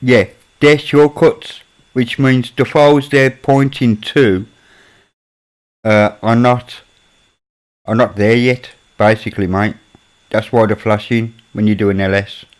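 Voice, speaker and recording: A man's voice: medium pitch, steady tone, takes it slowly. A man with a Birmingham accent chats casually on a live stream. He reads out comments from viewers as they come in and mutters to himself while he works. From Birmingham, England. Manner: chatty, mutters while working on his computer. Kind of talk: casual chat with chat readers.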